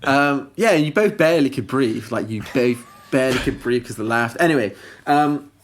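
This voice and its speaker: A young man, co-hosting a podcast and telling a story in casual chat, animated and often laughing as he goes. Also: medium pitch, a little fast, slight background noise. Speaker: podcast co-host.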